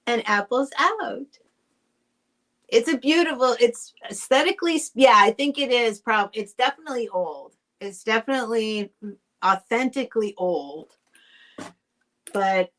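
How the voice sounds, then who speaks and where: Chatty middle-aged lady doing a live sale, slow easy talk, medium voice. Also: medium pitch, a bit bright. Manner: chatty, rambling, thanks buyers by name. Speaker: live-stream seller. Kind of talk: casual live sale chat.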